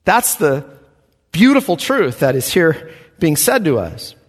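A man, a pastor, preaching an emphatic expository sermon with soft chuckles. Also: fairly high pitch, big pitch swings, unhurried. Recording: reverberant hall.

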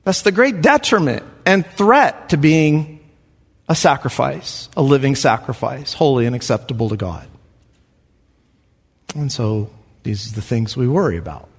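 A man preaching a sermon in an earnest, preacherly way. He often asks a question twice to drive it home. His voice sits at an ordinary middle pitch, and it rings with the long reverb of a church hall. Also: very animated, measured pace, slightly rough. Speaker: pastor.

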